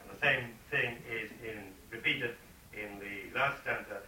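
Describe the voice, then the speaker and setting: Halting male lecturer in an echoey classroom. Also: lowish voice, bright, forceful tone. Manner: halting, many ums, reads verse slowly with stressed beats. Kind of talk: poetry lecture. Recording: echoey room from far off, noisy.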